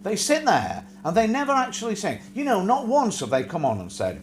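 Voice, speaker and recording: A man hosts a casual live stream, chatting in a rambling, teasing way. His slightly raised voice swings widely in pitch, and a faint hiss of background noise sits behind him. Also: huge pitch swings, a little fast, few pauses. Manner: rambling, mocking, playful put-on voices. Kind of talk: casual comic chat.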